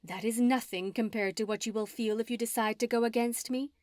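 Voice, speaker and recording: A woman's voice: on the high side, fairly even intonation, brisk, darkish tone, no echo, studio quality, lightly acted. A woman narrator voicing a scheming, gloating female witch villain in an audiobook, her lines sneering and at times hissed. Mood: menacing.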